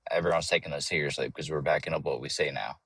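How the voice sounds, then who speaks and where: A man's voice: rumbling low, steady tone, racing, fairly bright tone, slightly rough, dry recording. A young man calling into a livestream debate, combative and swearing, often talking over the other speaker. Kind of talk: heated casual debate.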